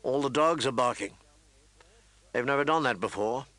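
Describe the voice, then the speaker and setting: A man reading an audiobook, voicing a calm young nobleman who speaks gently and quietly. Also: medium pitch, moderate pace, dry recording, natural voice. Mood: uneasy. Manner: gentle, soft-spoken. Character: young nobleman, eldest son, calm and protective.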